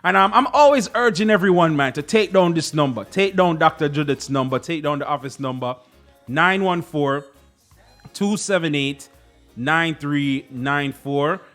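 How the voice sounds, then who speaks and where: A man with a Caribbean English accent hosting a radio show in a studio, chatting jovially and reading out an advertiser's phone number slowly. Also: fairly high pitch, fairly bright tone, faint music behind. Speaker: radio host. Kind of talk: casual radio talk with ad reads.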